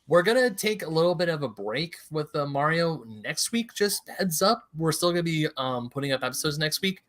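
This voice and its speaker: A man chatting casually as a podcast co-host. His voice sits a little high for a man, and he rambles, trips over his words and laughs at his own mistakes. He keeps it loose and unscripted. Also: animated, moderate pace, fairly bright tone. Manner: rambling, self-correcting, laughs at own slips. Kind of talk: casual chat.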